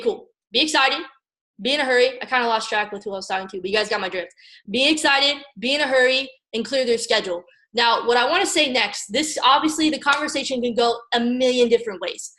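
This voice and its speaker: An energetic young woman from Maryland coaches her team in a casual motivational talk. Her voice sits a little high, and she keeps checking in with her listeners and acts out phone calls. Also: rough recording. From Maryland, USA. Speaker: network marketing team leader.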